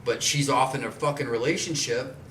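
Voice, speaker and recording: A mid-range male voice, a little fast, belongs to a podcast host in his forties who chats casually, bluntly and ramblingly, swearing a lot. The recording is very noisy, roomy and distant, with faint ambience.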